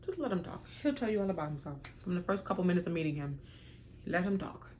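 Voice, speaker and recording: A young woman telling a storytime on her vlog, frank, animated and profane. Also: fairly low pitch, fast, a little hiss or hum. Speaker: vlogger.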